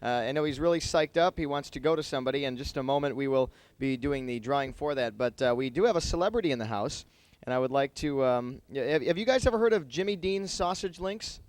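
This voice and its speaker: A man emceeing a high school talent show on a handheld microphone, joking and rambling with lots of fillers. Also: expressive, fast, no room sound. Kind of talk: joking stage emcee patter. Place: high school auditorium stage.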